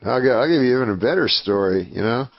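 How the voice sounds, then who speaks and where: A man from Canada, a talk show guest, telling a story in a deadpan, rambling way full of fillers. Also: mid-range voice, fast talker, lo-fi sound. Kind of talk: casual chat.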